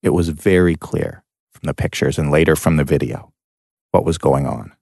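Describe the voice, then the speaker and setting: A man narrating a documentary podcast in a measured, scripted way and interviewing a guest. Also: rumbling low, gravelly, a little mellow.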